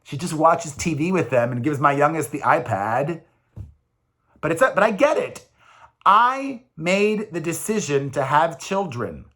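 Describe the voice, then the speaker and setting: A man's voice: fairly high pitch, lively intonation, unhurried, a bit bright. A man in his forties, a single father, rambling in a casual, emphatic confessional vlog.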